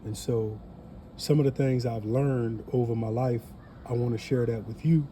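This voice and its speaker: Earnest New man with a very dark voice. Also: mid-range voice, fairly even intonation, normal speed, slight background noise. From New Orleans. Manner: earnest, motivational, repeats phrases. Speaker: family channel creator. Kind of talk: casual vlog talk to camera.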